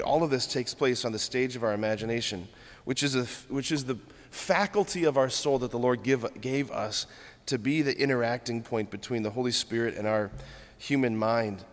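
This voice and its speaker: Man, preacher, sermon, earnest, rhythmic lists, medium pitch, echoing hall. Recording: long hall reverb.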